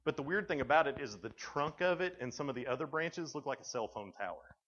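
Telling jokes and stories to a student audience, a young Tennessean with a Southern drawl plays out the dialogue himself. He's a youth speaker whose mid-range voice is expressive, fairly quick and somewhat bright, captured on a dull lo-fi recording.

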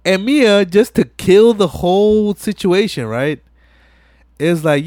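A man's voice: high-pitched, slow, dry recording. A man hosting a podcast, casually recapping a movie scene by scene, swearing a lot and acting out the characters' lines. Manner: animated retelling with profanity, acts out lines. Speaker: podcast host.

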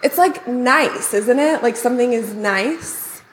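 A woman guest on a casual podcast chat, upbeat and quick with her replies. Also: fairly high pitch, reverberant, slight background noise, poor audio.

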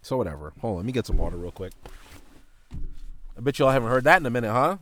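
A man hosting a podcast talks at a quick pace in a mid-range voice, telling a childhood story in a casual, profane style. He's animated and imitates his teacher and mom while retelling it.

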